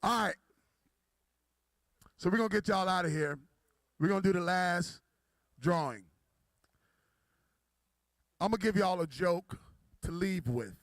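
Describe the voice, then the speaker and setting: High-voiced playful emcee man. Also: measured pace, long pauses, no room sound, studio quality. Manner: playful, teasing the audience. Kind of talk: stand-up joke telling at a gala.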